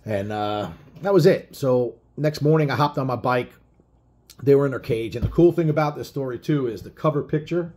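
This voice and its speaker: A man's voice: medium pitch, normal speed, darkish tone. A middle-aged man telling a road story in a blunt, profane, rambling way, full of fillers. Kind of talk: casual spoken storytelling.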